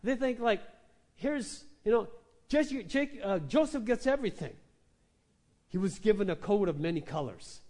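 A man preaching a sermon, telling a story with lively acted-out quotes. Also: high-pitched, moderate pace. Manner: animated storytelling, acts out quoted voices. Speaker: pastor.

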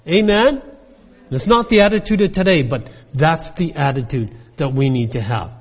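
A man's voice: a little high, expressive, normal speed, breathy edge. A pastor preaching a sermon, emphatic, who keeps asking his congregation for an amen. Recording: long reverb of a large hall.

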